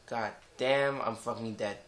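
A man's voice: mid-range voice, fairly even intonation, a little slow, fairly bright tone. A young man giving casual, profane gameplay commentary, swearing and rambling as he plays. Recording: echoey room with game music behind.

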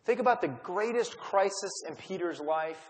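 A man's voice: sits high, animated, normal speed. A man leading a Bible study in a conversational teaching style, retelling stories and acting out quotes. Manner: storytelling, acts out quotes. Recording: long hall reverb.

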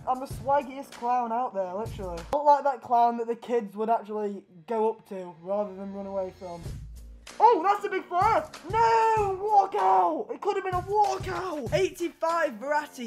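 A young man commentating a video game pack opening, excitable and loud, shouting and laughing at the reveals, with music playing behind him. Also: very high voice. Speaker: gaming YouTuber. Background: background music.

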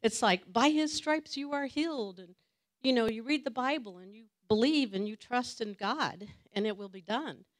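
A woman's voice: on the high side, animated, normal speed. Earnest woman giving a church testimony. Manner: earnest, emotional, laughs often. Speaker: church greeter sharing testimony. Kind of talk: personal testimony. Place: church meeting room with audience.

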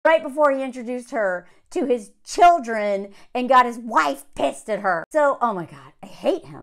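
A woman's voice: high-pitched, animated, moderate pace, hardly any pauses, fairly bright tone. A woman talking through a film review in a blunt, sarcastic, casual way, laughing often. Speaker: movie reviewer. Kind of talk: casual commentary vlog.

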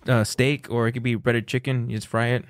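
A man's voice: medium pitch, flat delivery, a little fast, no room sound, studio quality. A man who is a stand-up comic guest in casual comedy chat, playful and crude.

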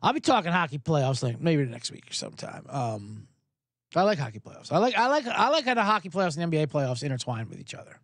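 A man's voice: a little high, sing-song, fast, a bit bright, no room sound, studio quality. A man hosting a sports betting podcast, talking in a rambling, profane, casual way.

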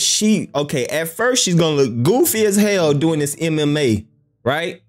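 Animated joking man reacting to clips. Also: mid-range voice. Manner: animated, joking, laughs and yelps loudly. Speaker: reaction video host. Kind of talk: casual reaction commentary.

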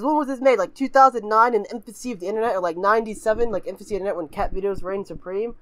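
A woman hosting a reaction video, reading aloud haltingly, giggling and breaking into shrieking laughter and goofy voices. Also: mid-range voice, no room sound. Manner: frequently puts on goofy voices of kids. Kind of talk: casual reaction commentary.

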